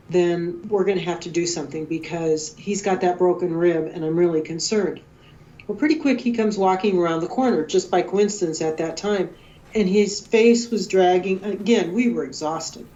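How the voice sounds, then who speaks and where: A middle-aged woman and guest researcher telling a story with emotion and excitement, often quoting herself. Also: on the low side, lo-fi sound. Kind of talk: animated storytelling interview.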